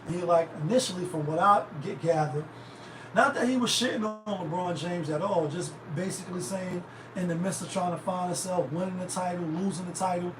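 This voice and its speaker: A high-voiced man rambles through casual commentary, loose and profane. He sits back from the mic in an echoey room. Steady noise hums under him. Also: fairly quick. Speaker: host. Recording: roomy, distant, noisy.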